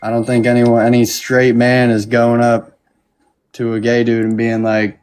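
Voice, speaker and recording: A man's voice: medium pitch, completely flat delivery, normal speed, darkish tone, slight background noise. A man calling into a livestream debate, provocative and hesitant, with lots of fillers. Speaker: caller. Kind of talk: heated political call-in debate.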